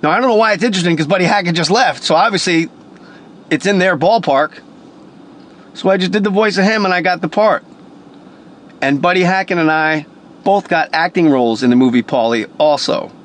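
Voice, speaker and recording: A man's voice: high-pitched, a little fast. Punchy, profane male storyteller. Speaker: storyteller, voice actor. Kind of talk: casual motivational storytelling.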